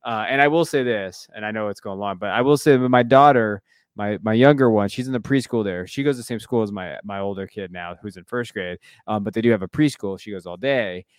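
A man's voice: lowish voice, a little fast, smooth, no echo, studio quality. Tired, rambling man on a podcast. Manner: rambling, chatty, swears casually, many fillers and restarts. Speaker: podcast co-host. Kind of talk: casual podcast chat.

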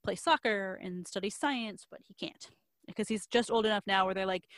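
A woman's voice: medium pitch, moderate pace, fairly bright tone, no room sound. A young woman casually retelling a novel's plot, rambling with lots of likes and ums and slipping into quoted voices.

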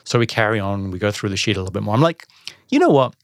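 A man telling a personal business story in a casual interview, acting out the dialogue with animated voices. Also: on the low side, very fast, no echo, studio quality. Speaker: podcast guest, entrepreneur.

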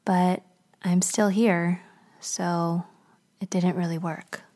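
A woman voicing Shame, a slumped, weary male figure who speaks low and confidingly, in a whispered story role-play. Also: little pitch movement, takes it slowly, darkish tone.

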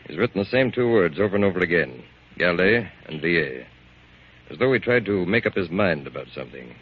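An actor in a 1940s radio drama playing a police captain who questions the household in a brisk, businesslike way. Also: male voice, sits low, expressive, husky. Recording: dull old radio recording, faint hiss.

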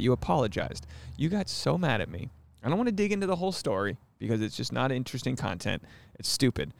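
A man's voice: medium pitch, vocal fry. A man in his thirties co-hosting a casual couple's podcast, joking around and defending himself with frequent laughs. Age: 30s. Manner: jokey, defensive, laughs often. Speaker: podcast co-host.

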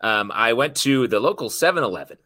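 Joking male podcast co-host, bright tone, lively delivery. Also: medium pitch, a little fast, no echo. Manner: joking, playful, teasing. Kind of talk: casual chat.

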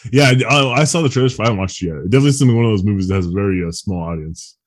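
A man with a lowish, husky voice chatting as a podcast co-host. He jokes easily and laughs along with his partner. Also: racing. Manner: laughing, joking, easygoing. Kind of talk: casual chat.

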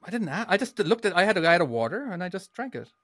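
A man's voice: high voice, sing-song, rapid-fire, fairly bright tone, dry recording, studio quality. Rambling man telling a story. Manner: rambling, hesitant storytelling with many restarts. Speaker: podcast co-host. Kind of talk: casual podcast chat.

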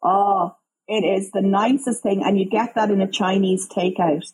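A woman in her thirties with a Dublin Irish accent, telling lively stories and using local slang as a guest on a talk show. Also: mid-range voice, normal speed, crowd noise, poor audio. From Ireland. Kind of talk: casual chat.

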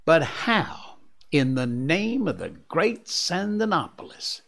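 A man voicing a gruff frontier dog musher who speaks in a dry, plain-spoken drawl, a little higher than his own voice. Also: wildly swooping pitch, slow pace, fairly bright tone, exaggerated voice.

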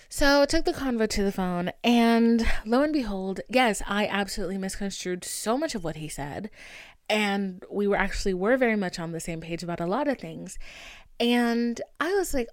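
Lively, dramatic young woman podcaster. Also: mid-range voice, normal speed, clear, resonant tone, no room sound, clean studio sound. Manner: dramatic, gossipy, laughs often. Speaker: podcast host. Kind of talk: casual storytelling chat.

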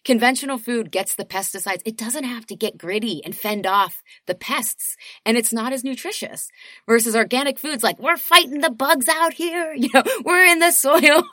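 A woman guest on a podcast, talking casually and animatedly, laughing often and jumping up in pitch. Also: a bit bright, dry recording, clean studio sound. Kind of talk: casual chat.

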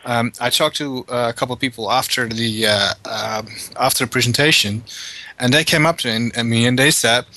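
A man's voice: mid-range voice, steady tone, brisk, bright, forceful tone, no room sound. A man hosting a web radio talk show, chatting casually with many hesitant filler sounds. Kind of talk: casual interview chat.

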